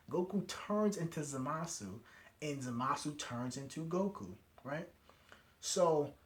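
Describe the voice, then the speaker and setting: A man at home giving a casual, excited recap of an anime episode, full of slang and "right?" tags. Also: fairly high pitch. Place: his home at night.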